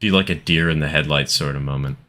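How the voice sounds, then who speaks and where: A man's voice, extremely low yet pushed and bright, moves fast as he streams a train game. His commentary is casual, full of rambling asides and frequent laughter.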